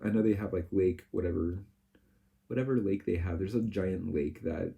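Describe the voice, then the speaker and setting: A man's voice: deep voice, moderate pace, creaky, mellow, dull audio. A man in his thirties chatting casually and rambling, jittery from coffee. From Nebraska. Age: 30s. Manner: rambling and chatty, with lots of fillers. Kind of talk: casual vlog chat.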